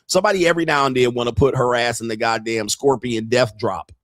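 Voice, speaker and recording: A man's voice: medium pitch, quick pace, dry recording, clean studio sound. A middle-aged man hosting a commentary show, reacting bluntly and crudely to viral clips with frequent laughter. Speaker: host.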